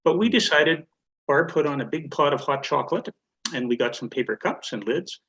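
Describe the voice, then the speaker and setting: An older man telling a story on a church video call, measured and deliberate. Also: on the high side, lively intonation, fairly bright tone, breathy edge, lo-fi sound. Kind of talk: casual storytelling.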